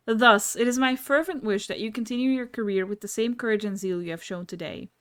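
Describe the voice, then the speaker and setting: A woman's voice: fairly high pitch, moderate pace, fairly bright tone, close to an everyday voice. A woman reading aloud the lines of a mysterious, smug male game figure, with formal, old-fashioned diction. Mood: grandiose. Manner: archaic, formal and mock-gracious diction.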